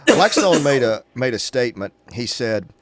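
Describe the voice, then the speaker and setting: A male interviewer speaking slowly and deliberately, drawing out key words in a political conversation. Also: mid-range voice, sing-song, no room sound.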